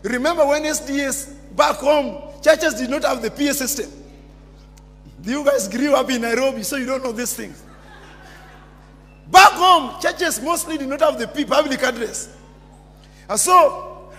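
Kenyan male pastor, very high voice, shouting then hushed, long church-hall reverb. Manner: fiery preaching, swings from shouts to near-whispers. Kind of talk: sermon.

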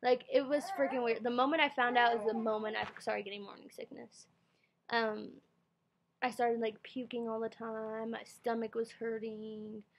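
A woman's voice: a little high, level tone, normal speed, a little hiss or hum. A young woman telling a rambling storytime vlog into her computer's built-in mic, full of fillers and quoted self-talk. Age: young adult. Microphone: computer webcam mic.

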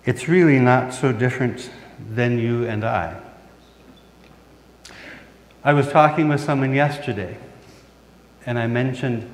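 In the echoing hall of a church sanctuary, a middle-aged man preaches as pastor at a normal pace and medium pitch. He poses questions to his congregation and supplies the answers on his own.

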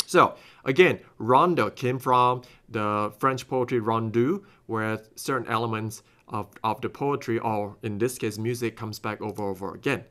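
Here a man with fairly low pitch and a fairly bright tone teaches clarinet in a recorded masterclass, at a moderate pace with few pauses. He explains phrasing step by step and sings passages on scat syllables.

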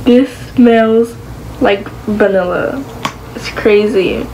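A woman's voice: medium pitch, takes it slowly, dark tone, a little hiss or hum, poor audio. A woman vlogging in a casual chat to the camera, rambling along with lots of fillers and restarts.

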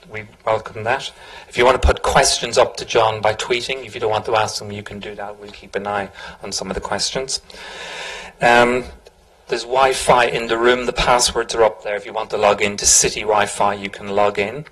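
A man's voice: on the low side, fairly even intonation, normal speed, fairly bright tone, breathy edge, poor audio. A man hosting a public talk, giving housekeeping notes and an informal, chatty introduction. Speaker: event host. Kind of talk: event introduction.

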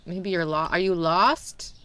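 A woman's voice: lowish voice, measured pace, sharp tone, slight background noise. A young woman streaming a game, chatting animatedly with her viewers and laughing often. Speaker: VTuber streamer. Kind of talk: casual gameplay commentary.

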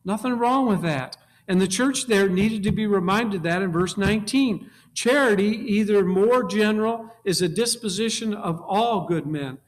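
A man preaching a sermon, emphatic, repeating key words and swinging from quiet low passages to loud exhortation. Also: normal speed, hardly any pauses.

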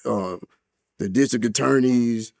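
A man telling a story in a casual interview, talking in heavy street slang and profanity, his voice jumping up loud and high whenever he acts out what people said. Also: unhurried, creaky, no echo, clean studio sound. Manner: animated retelling with loud, high quoted exclamations. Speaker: interview guest.

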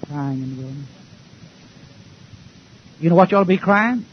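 This pastor has a fairly high, animated voice and keeps a moderate pace as he preaches a folksy, emphatic sermon, firing rhetorical questions at his congregation. The lo-fi recording sounds dull and carries a faint hiss.

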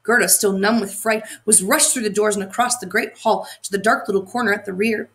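A woman narrating a fairy tale aloud, expressive and sometimes correcting her own slips. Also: mid-range voice, brisk. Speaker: audiobook narrator. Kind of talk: storybook reading.

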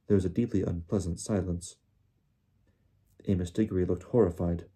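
Dark, husky male audiobook reader. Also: sits low, steady tone, moderate pace, long pauses. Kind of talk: reading a novel aloud.

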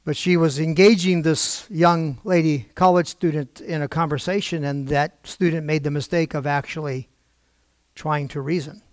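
Animated older man telling a story. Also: on the high side, normal speed, no room sound, clean studio sound. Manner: animated, acts out quoted voices, wry asides. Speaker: preacher.

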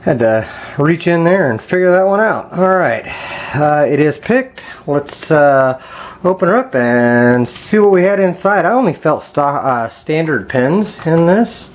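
A man casually talking viewers through picking a lock at his home workbench, thinking aloud with frequent ums and quiet mutters. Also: fairly high pitch, very animated, measured pace. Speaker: lockpicking hobbyist. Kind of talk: casual hands-on demonstration vlog.

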